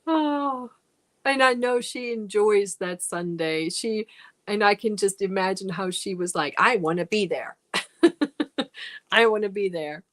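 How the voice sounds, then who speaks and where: Lady chatting slowly on a crochet livestream, rambly, laughs a lot. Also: mid-range voice, fairly bright tone. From Germany. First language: German. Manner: chatty, rambling, laughs often, reads and answers comments. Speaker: crochet channel host. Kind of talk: casual live-stream chat with viewers.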